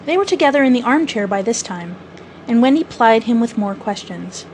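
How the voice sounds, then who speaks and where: A woman storyteller reading a children's book aloud in a measured, gently expressive way. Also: fairly high pitch, a little hiss or hum, low-quality recording.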